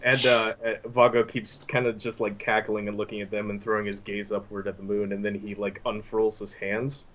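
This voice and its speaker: A man narrating scenes as game master in a tabletop story game, with halting, filler-heavy description. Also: on the low side, flat delivery, fairly bright tone.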